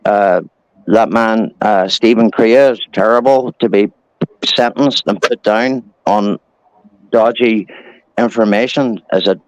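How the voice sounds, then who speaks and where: In lo-fi sound, a man in his forties from Ireland talks in a lowish voice at an unhurried pace. As a guest in casual chat, he rambles through stories with an Irish accent and swears from time to time.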